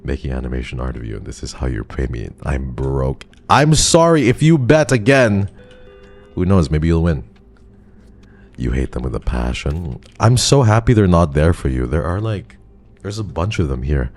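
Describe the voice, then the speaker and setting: A man's voice: rumbling low, lively intonation, normal speed, dark tone, soft background music. A male streamer giving live commentary on a game, talking to his chat and swearing in frustration.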